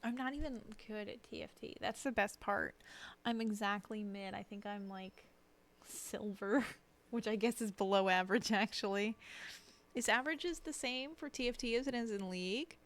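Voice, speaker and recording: A woman's voice: medium pitch, moderate pace, fairly bright tone. A young woman streaming late at night, sleepy and yawning, chatting in a rambling, self-deprecating way at her desk mic. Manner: chatty, self-deprecating, drifting train of thought. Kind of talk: casual rambling stream chat.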